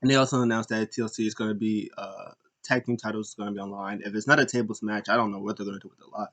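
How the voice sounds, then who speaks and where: A man's voice: on the low side, racing. A man hosting a casual wrestling recap show, rambling with lots of fillers and restarts, acting out bits of what he watched. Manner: rambling, animated retellings with frequent fillers and restarts. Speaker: podcast host.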